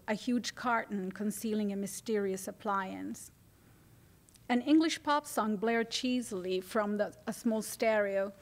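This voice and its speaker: A woman from Italy with an Italian accent, a native Italian speaker, reading her own fiction aloud at a public event in a measured, expressive way. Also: medium pitch. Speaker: author.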